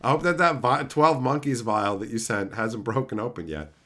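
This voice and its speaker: A middle-aged man ranting sarcastically at his live chat in casual, profane talk, breaking into loud mocking outbursts. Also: medium pitch, moderate pace. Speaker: streamer reading live chat.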